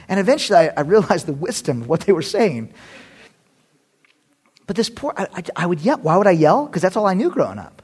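A man preaching with a somewhat high, husky voice that swings widely in pitch. He delivers his sermon as a conversational story, animated and full of self-deprecating humor. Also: brisk. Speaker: pastor.

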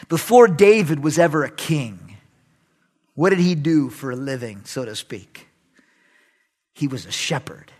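A middle-aged man preaching a sermon, moving from shouted lines to soft, laughing asides. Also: on the high side. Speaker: pastor.

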